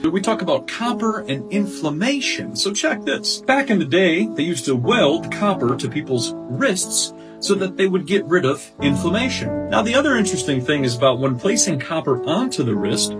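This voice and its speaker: A man's voice: fairly high pitch, big pitch swings, moderate pace, few pauses. A man speaking confidently in a lecturing way, explaining health claims in a podcast-style talk. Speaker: wellness speaker. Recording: guitar music under the voice.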